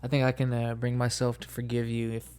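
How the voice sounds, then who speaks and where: A young man co-hosting a casual podcast, teasing his friend with quick joking interjections. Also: medium pitch, monotone, darkish tone, clear, resonant tone. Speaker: podcast co-host. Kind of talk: casual chat.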